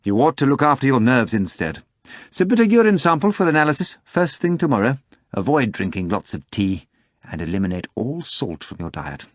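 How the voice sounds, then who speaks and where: A man's voice: mid-range voice, very animated, a little fast, no echo, voice pushed up. A man reading an audiobook, voicing a middle-aged male professor of medicine who speaks curtly and dryly, puzzled by his patient. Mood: curt stern. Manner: curt, dry, puzzled.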